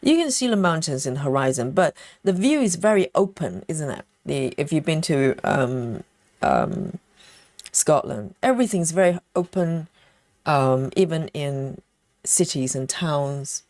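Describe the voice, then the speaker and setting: A woman with a low voice hosts a cross-stitch livestream, chatting casually as she reads viewer comments and counts her stitches. Her pitch swings widely, her pace is unhurried, and her tone is a little mellow, full of fillers and self-interruptions. The sound is clean studio audio with no echo.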